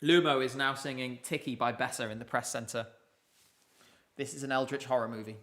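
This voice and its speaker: A man's voice: medium pitch, fairly even intonation, a little fast, fairly bright tone. A man hosting a casual live stream, chatty and rambling, chatting with viewers from his desk. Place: home room at a desk with laptops.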